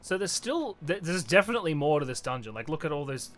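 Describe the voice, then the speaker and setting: A man chatting while he plays, his pitch jumping all over and his voice bright and forward. He rambles loosely and laughs often. Faint music plays under him. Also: sing-song, quick pace. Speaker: streamer and co-host. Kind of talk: casual chat while gaming. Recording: faint game music behind.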